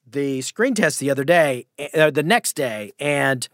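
In a casual interview, a male guest who is a comedian and actor tells an animated anecdote, acting out the voices of the people in it. His voice is mid-range and unhurried, captured at studio quality with no room sound.

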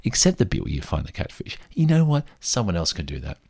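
A man's voice: deep voice, very animated, fast, gravelly, a little mellow, breathy edge, no echo, clean studio sound. A man telling rambling, self-deprecating stories in a casual solo monologue.

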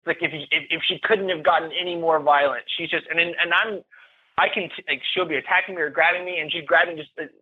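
A man as a podcast guest giving a candid, halting, emotional personal account. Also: a little high, fairly even intonation, slightly rough. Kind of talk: personal account of domestic abuse. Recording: tinny phone-like line.

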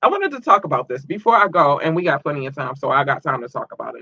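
A young American man hosting his own podcast, reading out listener shout-outs in an excited, thankful, chatty way. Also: on the high side, fast, hardly any pauses, no room sound, dull audio. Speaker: podcast host.

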